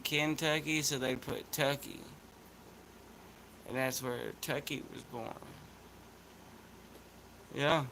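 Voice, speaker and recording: A man's voice: on the high side, bright, forceful tone, slight background noise, rough recording. A man with an Appalachian accent chatting in a laid-back, rambling, slangy way as a vlog host. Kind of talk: casual chat vlog.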